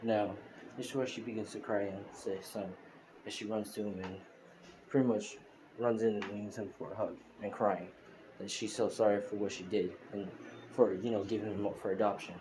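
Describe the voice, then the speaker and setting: A man's voice: lowish voice, fairly even intonation, fairly quick. A man casually narrating a fan story, rambling and full of fillers. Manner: rambling, full of fillers like "you know" and "pretty much". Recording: hissy home screen recording.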